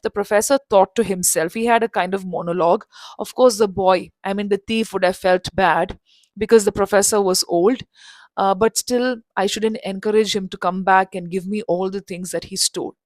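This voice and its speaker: A woman tells a story for learners in a loose, chatty way. Her pitch sits in the middle. The sound is dry and close to the mic. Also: no echo. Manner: conversational, with restarts and asides. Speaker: storyteller and English teacher.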